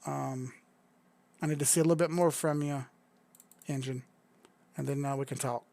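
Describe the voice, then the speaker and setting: A young adult man hosting a casual crypto livestream, chatty and excitable, swearing freely as he talks viewers through charts. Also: medium pitch, normal speed, vocal fry.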